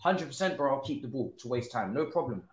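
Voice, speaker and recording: A young man, commentating live on his own football video game, excitable and cursing at the players. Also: mid-range voice, fast talker. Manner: excitable, shouts and swears at the players. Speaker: gaming streamer. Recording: echoey room.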